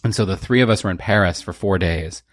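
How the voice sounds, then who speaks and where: A man's voice: deep voice, quick pace, no room sound, clean studio sound. A man, a podcast guest, chatting casually and rambling through jokey stories. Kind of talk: casual chat.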